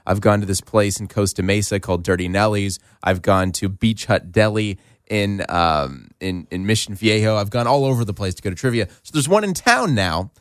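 A man's voice: fairly low pitch, normal speed, hardly any pauses, no echo, studio quality. A man hosting a radio show, chatting casually and telling stories with frequent laughs. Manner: chatty storyteller, laughs often. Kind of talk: casual chat.

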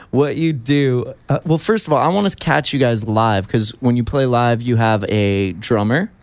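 A man's voice: medium pitch, unhurried, no echo. A man hosting a radio show, chatting casually with guests, laughing easily and restarting his sentences. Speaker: radio host. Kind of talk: casual interview.

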